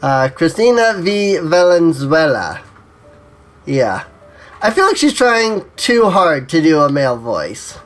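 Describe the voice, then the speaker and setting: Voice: mid-range voice, big pitch swings, slow, faint music behind. A game streamer giving casual, offhand live-stream commentary, musing and thinking aloud.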